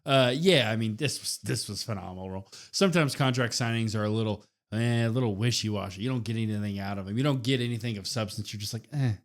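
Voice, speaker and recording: A man's voice: lowish voice, quick pace, hardly any pauses. A man co-hosting a wrestling podcast, chatting casually and enthusiastically about an episode. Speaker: podcast co-host.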